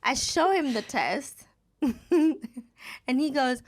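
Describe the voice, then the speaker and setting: Speaking extremely slowly in a high-sitting voice, a woman in her thirties shares a story as a guest on a podcast. The chat is casual, and she animatedly performs the lines of the people she's quoting.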